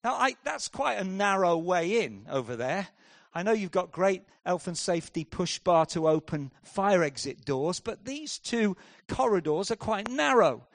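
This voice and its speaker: A man delivers a sermon in a fairly high voice, recorded dry and close. He swings from hushed, drawn-out lines to loud, driving bursts. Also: very animated, gravelly, no room sound. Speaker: preacher.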